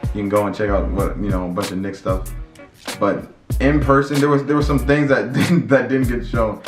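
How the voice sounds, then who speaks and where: Rambling, excitable man in an echoey room. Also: medium pitch, moderate pace. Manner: excitable and rambling, with many restarts and repeated words. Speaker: vlogger. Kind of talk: casual storytelling to camera. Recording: echoey room with faint music.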